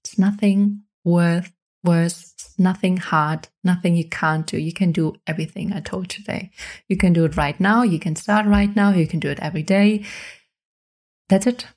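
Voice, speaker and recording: Into a studio mic, a female podcast host addresses the listener with encouraging, repetitive self-help motivation. Her voice is lowish, steady, and a little mellow, delivered at a moderate pace.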